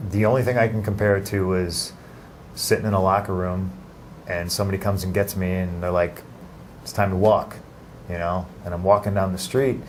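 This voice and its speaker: A man giving an interview in a casual, halting way, with many restarts and fillers. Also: low voice, slight background noise. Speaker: interview guest.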